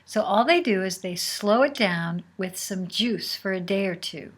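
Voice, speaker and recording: A woman host telling a personal story in a casual, unhurried way, sometimes dropping to a near whisper. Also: medium pitch, lively intonation. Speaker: podcast host.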